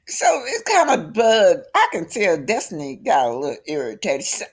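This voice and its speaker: A woman's voice: on the low side, sing-song, normal speed, few pauses, husky. A woman host chatting through a casual recap of a reality show, telling it like a story.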